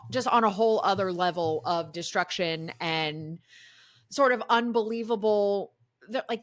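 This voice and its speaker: A woman from Florida co-hosting a casual podcast, telling stories in an animated, ranting way from her home desk. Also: mid-range voice. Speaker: podcast co-host. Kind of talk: casual chat. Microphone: video call setup.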